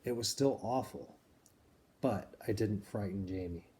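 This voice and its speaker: A man reading a novel aloud in a measured, plain way, pausing to explain the story to listeners. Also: lowish voice, dark tone, a little hiss or hum. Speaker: reader.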